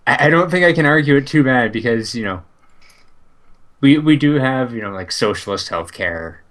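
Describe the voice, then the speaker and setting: A man's voice: mid-range voice, lively intonation, moderate pace, fairly bright tone. A man from Canada co-hosting a podcast, easygoing and laughing along in casual comedic chat. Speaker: podcast co-host.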